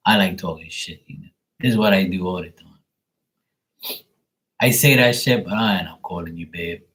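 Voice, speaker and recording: A man's voice: low-pitched, normal speed, a bit bright. Profane joking man in his forties. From Bermuda. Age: 40s. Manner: profane, joking, acts out both sides of phone calls. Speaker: tarot reading livestream host. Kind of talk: casual rant.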